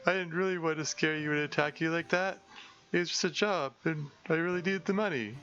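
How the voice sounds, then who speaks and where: Soft-hearted monster guard, meek and apologetic, higher bright voice, as a man puts him on; dull stream audio. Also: fairly quick. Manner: meek, pleading, over-apologetic. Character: timid apologetic monster cave guard, gentle male.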